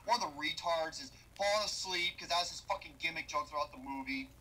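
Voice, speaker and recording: A young man tearing into a bad film in a profane comedic rant. His voice is bright and forceful, and he talks in loud, exasperated bursts full of cursing. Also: fairly high pitch, a little fast, slight background noise, low-quality recording. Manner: loud, exasperated, heavy swearing. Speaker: movie reviewer.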